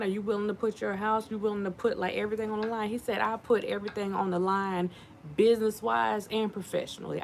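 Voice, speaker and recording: A woman giving casual commentary to her viewers, animated and repetitive, talking to them as y'all. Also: medium pitch, creaky, slight background noise. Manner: animated, repeats herself, addresses viewers as y'all. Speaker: channel host.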